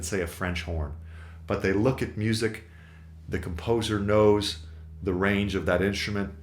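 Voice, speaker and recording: Man with a deep voice, guitar teacher, video lesson, methodical explaining. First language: English. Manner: explanatory, methodical, with occasional fillers.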